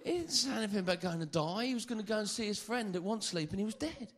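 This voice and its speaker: A man preaching a sermon, lively and joking, often stammering and repeating phrases. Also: sits high, fast.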